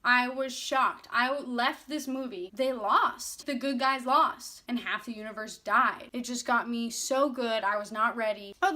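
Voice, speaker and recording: A young woman vlogger chatting casually through a movie review, excitable, full of "like" fillers, quickly quoting lines. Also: sits high.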